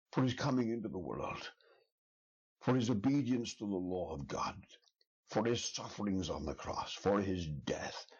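A man's voice: low-pitched, breathy edge. A man preaching an expository sermon in an earnest, emphatic way, building his points with repeated questions. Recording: dull lo-fi sermon recording.

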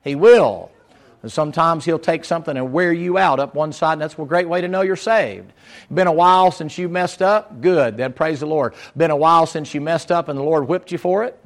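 A male preacher with a voice a little higher than usual for a man. He tells homespun stories in a chatty way, then presses his point home with earnest, fervent preaching. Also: a little fast. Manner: folksy storytelling that turns to fervent exhortation. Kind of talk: sermon.

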